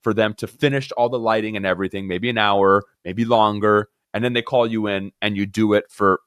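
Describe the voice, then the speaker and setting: This actor guest from Miami shares animated stories in a relaxed interview and performs the dialogue himself. His voice is lowish and smooth, moving fairly quickly. The recording is clean studio sound without echo.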